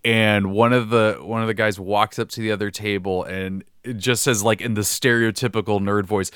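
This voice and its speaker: A man's voice: on the low side, fairly even intonation, moderate pace, hardly any pauses, a bit bright, clear, resonant tone, no echo, studio quality. A young man co-hosting a casual podcast chat about tabletop games, laughing often and restarting sentences. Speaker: podcast co-host.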